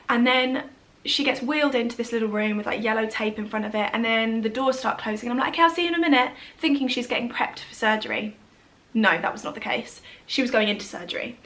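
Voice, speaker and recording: A woman's voice: a little high, sharp tone. A young woman, telling a personal story to camera in a chatty way, full of "like" and "literally". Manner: chatty, frequent fillers like "like" and "literally". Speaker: vlogger.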